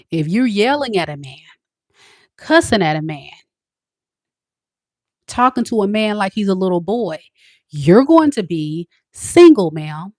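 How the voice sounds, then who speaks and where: Low-pitched woman, tarot reader lecturing her female viewers bluntly, dry close recording. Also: a little mellow, no room sound. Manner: blunt, preachy, talks straight to the women watching. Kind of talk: direct-to-camera advice talk.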